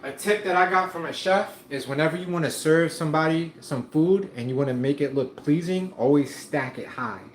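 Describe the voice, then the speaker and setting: A man's voice: fairly high pitch, a little fast, few pauses, background noise. A man hosting a casual live stream, laid-back and joking as he reads viewer comments aloud while cooking at home. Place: home kitchen. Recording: roomy echo.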